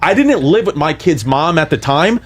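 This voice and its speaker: A man tells a profane comedic story on a podcast. His voice sits a little high, and he acts out every line he quotes with animated energy. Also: moderate pace, husky.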